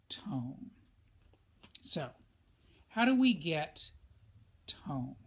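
A male teacher giving a recorded lesson in a conversational way, speaking straight to his students. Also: fairly high pitch. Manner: conversational, addresses students directly.

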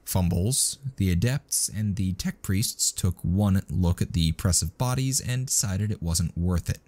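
A man reading a story aloud in a steady, scripted narration. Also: sits low, a little slow.

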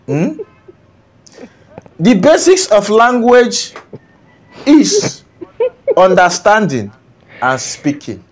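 A man's voice: high-pitched, sing-song, drawn-out words, long pauses. A Nigerian man delivering a comedic reaction rant, scolding and often breaking into laughter. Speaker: comedian commentator.

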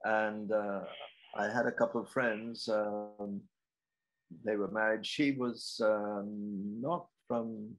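A man's voice: fairly low pitch, steady tone, slow pace, poor audio. Musing man asking a question. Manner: hesitant, musing. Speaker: audience member.

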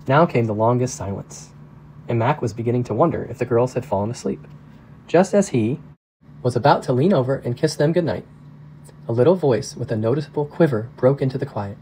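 A pastor reads a novel aloud at an unhurried, measured pace. His voice is dark and mellow. He sounds steady and calm throughout. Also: medium pitch, slight background noise, poor audio. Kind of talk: audiobook narration.

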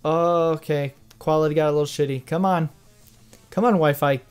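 An excitable host reacts live to a game showcase, swinging between loud exclamations and flat, dismissive asides. The talk is casual and unfiltered, with plenty of swearing, at a middle pitch, with faint music playing behind. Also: normal speed, clean tone.

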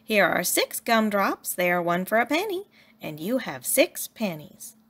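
A woman voicing a cheerful adult male candy seller who talks in a brisk, teasing way. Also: mid-range voice, sing-song, fairly bright tone, husky, heavily acted.

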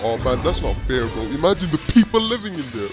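A young man hosts a casual reaction video, excitable and saying "bro" constantly over loud background music. His voice sits in the mid-range and he speaks briskly.

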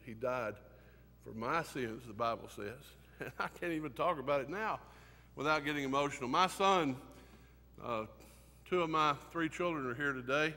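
Earnest older preacher, echoing hall. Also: male voice, medium pitch, bright, forceful tone. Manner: earnest, emotional storytelling with many fillers. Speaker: preacher teaching a Sunday class. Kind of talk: sermon. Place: church classroom. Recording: hall reverb.

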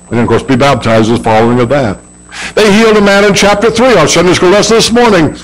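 A man's voice: high voice, sing-song, fast talker, poor audio. A man preaching a sermon in a folksy way, acting out quoted voices as he retells stories. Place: church service.

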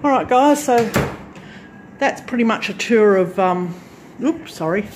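A woman's voice: medium pitch, animated, measured pace, a little mellow, slight background noise. A woman vlogger giving a casual, rambling tour of her farm lodge unit on a handheld phone, correcting herself as she goes. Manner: chatty, rambling, self-correcting. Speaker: craft channel vlogger. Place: farm lodge unit, indoors and on the back porch.

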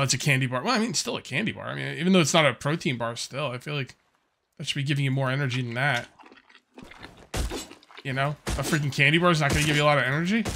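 A man's voice: medium pitch, sharp tone, a little hiss or hum. A man casually commenting on his survival-game session as he plays, rambling and easygoing with lots of fillers. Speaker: gameplay commentator. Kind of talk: casual let's-play commentary.

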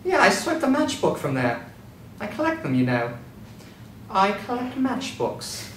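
An actor reading a smug, bickering government agent with a mocking tone. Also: male voice, sits high, huge pitch swings, unhurried, fairly bright tone, slight background noise, heavily acted. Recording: echoey room, distant mic.

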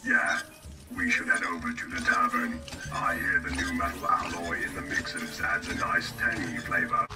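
A man voicing a weary male robot guard in a video game, talking in a flat, tired way. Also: low-pitched, moderate pace. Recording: echoey, distant. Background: loud game music.

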